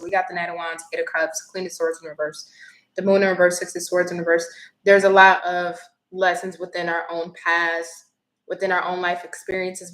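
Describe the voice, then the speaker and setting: A woman's voice: on the low side, a bit bright. A woman giving a casual, chatty tarot reading on a livestream, talking bluntly and laughing easily. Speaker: tarot reader. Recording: echoey room with faint noise.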